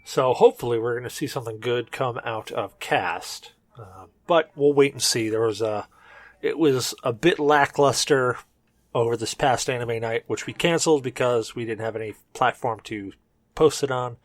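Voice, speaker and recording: A man's voice: mid-range voice, moderate pace, no room sound. A man hosting a casual group podcast, rambling a little and a bit drunk. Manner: relaxed, rambling, tipsy. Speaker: podcast host.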